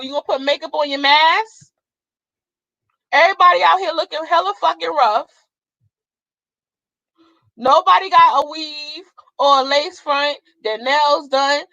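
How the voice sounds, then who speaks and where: Young woman, fiery profane rant, high-pitched, dry close sound, slightly dull audio. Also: measured pace, pushed and bright, dry recording. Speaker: vlogger. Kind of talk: casual ranting monologue.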